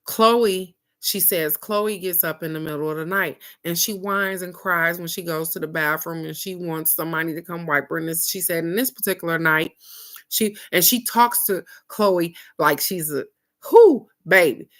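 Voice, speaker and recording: A woman's voice: fairly low pitch, steady tone, moderate pace, pushed and bright. A woman doing a motivational card-of-the-day talk, speaking straight to her viewers in a preachy, folksy way and repeating key phrases for emphasis. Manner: preachy and encouraging, addresses viewers directly. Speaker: card reader.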